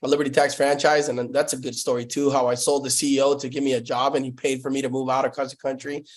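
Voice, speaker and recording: A man telling his story as a guest in a casual interview, excitable and slangy, swearing and saying bro, on a Bluetooth headset call. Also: mid-range voice, fast. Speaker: guest, sales founder.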